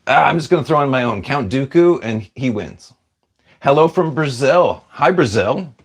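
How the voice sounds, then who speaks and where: A man's voice: medium pitch, animated, moderate pace, breathy edge. A man casually chatting on a livestream, reading out viewer comments and answering them in a rambling, self-deprecating way. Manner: chatty, self-deprecating, wanders off mid-sentence.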